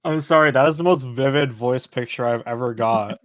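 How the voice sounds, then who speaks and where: A man's voice: mid-range voice, a little fast, a bit bright, no echo. A man who is a guest in a casual podcast chat, joking around with amused banter.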